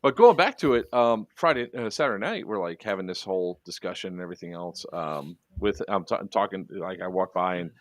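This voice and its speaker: A man's voice: low-pitched, expressive, fairly quick, few pauses, no echo. A man hosting a casual online chat, telling rambling stories full of fillers and restarts. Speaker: podcast host.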